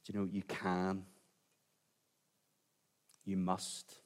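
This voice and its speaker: A man preaching a sermon in a conversational way, sometimes dropping to a quiet, intense tone. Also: low-pitched, completely flat delivery, very slow. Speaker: pastor.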